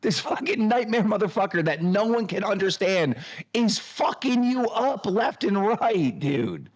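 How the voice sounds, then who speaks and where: A man hosting a livestream, scolding and mocking a co-host in a loud, profane rant. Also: sits high, lively intonation, a little slow, husky. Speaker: show host.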